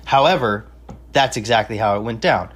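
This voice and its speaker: A young podcast host tells a party story in casual conversation, swearing freely, bragging, and leaning on street slang. His voice is medium-pitched and fairly bright, at a moderate pace.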